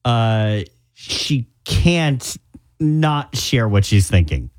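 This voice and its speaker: A man's voice: medium pitch, big pitch swings, very slow, no echo, clean studio sound. A man co-hosting a radio show in casual banter, teasing and choosing his words carefully. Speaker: radio co-host.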